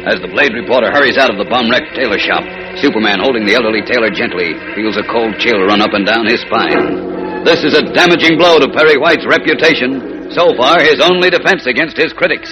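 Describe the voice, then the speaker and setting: A man's voice: medium pitch, lively intonation, brisk, loud music behind the voice, rough recording. Dramatic old-time radio announcer, man. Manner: dramatic, building suspense. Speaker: announcer and narrator. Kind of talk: 1940s radio serial narration.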